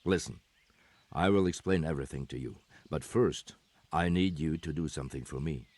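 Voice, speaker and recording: An actor playing a guarded, secretive soldier, speaking in measured, formal video game dialogue. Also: male voice, extremely low pitch, a little mellow, no room sound. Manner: measured, formal, stiff old-fashioned phrasing.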